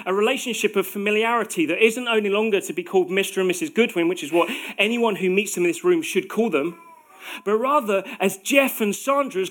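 Guy in his 40s giving a sermon, pretty high voice, chatty and jokes about himself. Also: a bit bright. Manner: conversational, with self-deprecating humor. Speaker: preacher.

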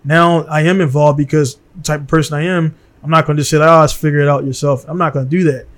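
A man's voice: fairly high pitch, fairly even intonation, quick pace, a bit bright. A man from Baltimore hosting a casual podcast conversation in a studio. He talks in a blunt, heated way and keeps tossing in "man". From Baltimore, USA.

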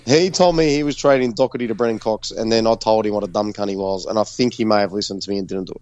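An Australian man co-hosting a podcast, telling a story in animated, profane, casual banter. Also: fairly low pitch, quick pace, no echo, muffled recording. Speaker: podcast co-host.

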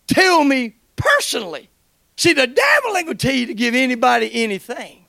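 A middle-aged man, preaching an animated testimony, shouting praise and quoting conversations. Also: very high voice, brisk, creaky, no room sound. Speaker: guest preacher. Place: church.

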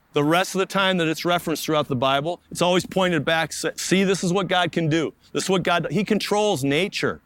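A man preaching a sermon at an outdoor service in a park, earnest, with slow, emphatic pauses. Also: a little high, a bit bright. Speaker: pastor.

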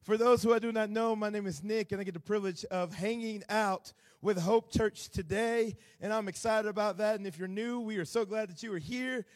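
Man, Southern accent, thirties, high voice, folksy guest preacher, animated. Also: brisk, hardly any pauses. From Atlanta, Georgia. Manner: folksy, warm-humored and animated, with sudden loud bursts. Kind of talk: sermon.

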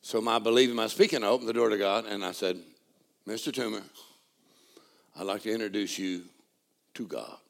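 A male preacher delivering a sermon in call-and-response style, dropping to low murmurs and then rising to shouted praise. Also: steady tone, quick pace, creaky.

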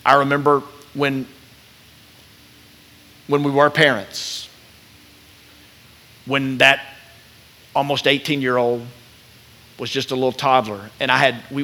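This sermon comes from a man pastor of medium pitch who animates the voices he quotes. He eases into a soft, slow delivery at the tender points.

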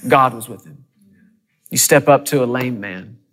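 A man preaching a sermon in a church, lively and dramatic, with fast bursts and sudden hushed drops. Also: mid-range voice, faint music behind. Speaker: pastor.

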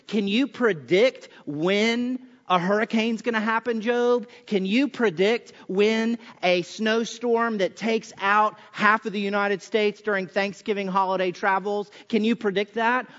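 A man's voice: high-pitched, fairly bright tone. A man preaching a chapel sermon in a conversational style, firing off punchy rhetorical questions with sarcastic asides. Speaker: chapel speaker. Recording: reverberant hall, dull sound.

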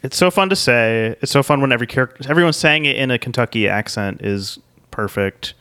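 A man co-hosting a podcast in casual chat, chatty and adding trivia and quick jokes. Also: medium pitch, expressive, sharp tone, smooth, dry recording. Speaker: podcast co-host.

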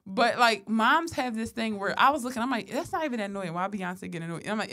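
A woman's voice: medium pitch, expressive, quick pace, hardly any pauses, fairly bright tone. Laughing, slangy woman podcast co-host. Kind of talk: casual chat.

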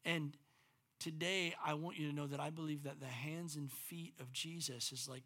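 Middle-aged male pastor, slightly higher voice, moves between fervent preaching and soft anecdote. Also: steady tone, moderate pace. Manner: swings from loud preaching to quiet storytelling. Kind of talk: sermon.

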